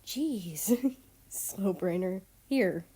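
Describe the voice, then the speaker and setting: A woman's voice: medium pitch, normal speed, warm tone, close to an everyday voice. A woman voicing a bubbly, teasing young girl in a read-aloud story. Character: bubbly teenage girl, cheerful and pushy.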